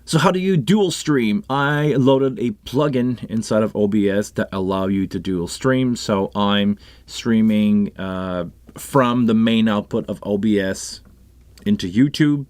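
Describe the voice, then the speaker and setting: A man with a French Canadian accent talks in an unhurried, lowish, slightly mellow voice with no echo while hosting a casual live stream about sound gear. His chat rambles with many restarts and asides, picked up by a live microphone on a console setup.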